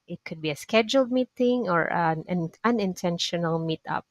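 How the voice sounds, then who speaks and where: A woman's voice: fairly low pitch, normal speed, dry recording. A woman teaching a language lesson, patiently repeating phrases and checking understanding with frequent "okay?"s. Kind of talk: explaining vocabulary lesson.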